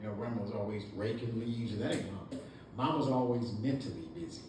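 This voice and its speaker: A man giving a halting tribute to his mother at a family party, with many pauses and fillers. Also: fairly low pitch. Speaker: son giving a birthday tribute. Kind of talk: family speech. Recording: echoey room, mic far off, noisy.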